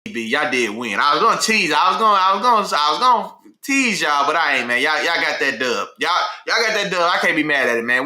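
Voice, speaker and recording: A man hosting a casual sports talk show, speaking in a slangy, animated way and repeating himself when worked up. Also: high-pitched, fairly quick, few pauses, reverberant. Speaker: sports podcast host.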